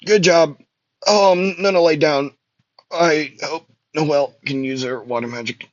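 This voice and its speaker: A man's voice: a little high, steady tone, a little slow, no echo, highs cut off, pitched above the performer's own voice, natural voice. Man doing a battered young mage, weak and groaning. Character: battered young male mage, weakly cheerful.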